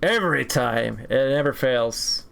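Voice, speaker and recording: A young man chats casually on a stream while he draws, at an ordinary mid pitch. He rambles from one jokey tangent to the next and laughs often. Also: expressive, measured pace, creaky, a bit bright, smooth. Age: 20s. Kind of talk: casual chat while drawing.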